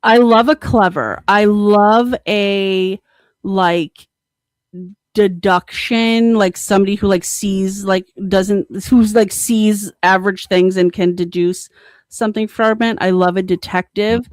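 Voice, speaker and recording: A young woman co-hosting a podcast, chatting casually with lots of fillers and excited bursts. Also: medium pitch, slow, no echo. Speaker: podcast co-host. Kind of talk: casual chat.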